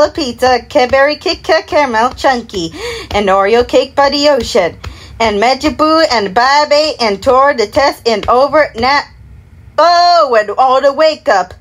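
Woman with a high voice, slow and mumbly, rattling off ad slogans and humming da-da jingles. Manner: rambling recital of slogans and product names; hums and sings jingles in "da da" syllables. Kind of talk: solo vocal recreation of a TV commercial break.

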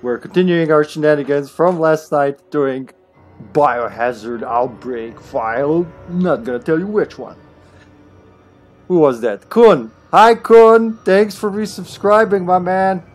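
A man live-streaming a video game, chatting casually, laughing often and greeting viewers loudly by name. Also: a little high, unhurried, faint music behind.

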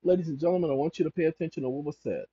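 Talking very fast in a mellow, mid-range voice with a breathy edge, this speaker rambles through legal commentary and reads passages out loud. They stress points emphatically, repeat themselves, and fix their wording mid-sentence. The audio is dry, dull, and lo-fi.

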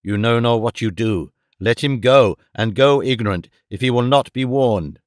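A man's voice: medium pitch, smooth, no room sound, clean studio sound, lightly acted. Stately middle-aged queen of fortune, ominous and imperious, read by a man. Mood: stern, ominous. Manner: slow, grave, commanding. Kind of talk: audiobook reading.

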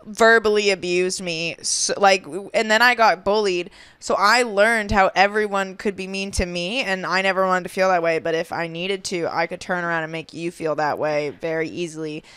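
Smooth-voiced woman, blunt and crude. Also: fairly low pitch, fairly even intonation, normal speed, few pauses, fairly bright tone, no room sound. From Boston, USA. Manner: blunt, crude, laughs often. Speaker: podcast co-host, stand-up comedian. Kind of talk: casual chat.

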